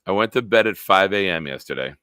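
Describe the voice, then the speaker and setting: Young guy hosting a sports live stream, low bright voice, jokes around reading out chat. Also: expressive, brisk, smooth, no room sound. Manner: jokey, reads out viewer comments. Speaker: sports podcast host.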